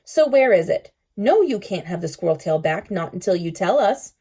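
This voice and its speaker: Mocking bully kid, loud, jeering, mellow tone, as a woman reads him. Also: on the low side, sing-song, normal speed, slightly rough, full character voice. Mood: taunting. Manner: mocking, taunting. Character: taunting schoolboy bully.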